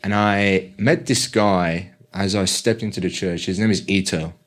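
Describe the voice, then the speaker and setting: A man from Iran, a podcast guest telling his personal story in an animated way and acting out quotes. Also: low-pitched, normal speed. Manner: animated storyteller, acts out quotes, many yeahs. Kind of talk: personal testimony in conversation.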